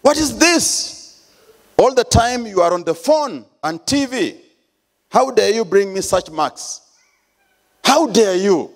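A man with a Kenyan accent acting out an angry father who shouts and scolds his son. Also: sits high, lively intonation, slow pace, long pauses, pitched above the performer's own voice, full character voice. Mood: furious. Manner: shouting, indignant.

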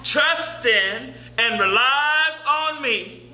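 A man preaching from the pulpit, chatty and repetitive as he works through scripture. His voice sits very high and sounds sharp and bright. The room echoes around him, with a faint hum in the background. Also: lively intonation, drawn-out words. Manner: conversational preaching, repeats phrases, reads scripture aloud. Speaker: pastor. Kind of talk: sermon. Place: church sanctuary.

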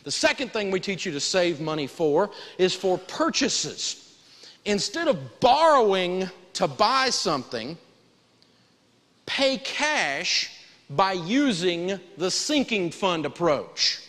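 A man teaching a live personal finance lesson in a folksy, animated way, prompting the audience to answer back. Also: sits high, slow, in a large hall.

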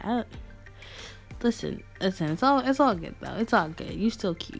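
A woman's voice: a little high, big pitch swings, normal speed, vocal fry. A young woman vlogger chatting casually and gushing as she reads fan messages aloud. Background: faint music.

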